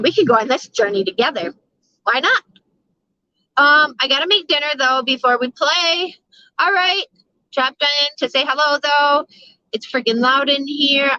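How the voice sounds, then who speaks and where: A woman's voice: high voice, pushed and bright, dry recording. A middle-aged woman chatting casually with her live viewers, rambling, swearing freely and laughing often. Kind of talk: casual live-stream chat. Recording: dull, lo-fi sound.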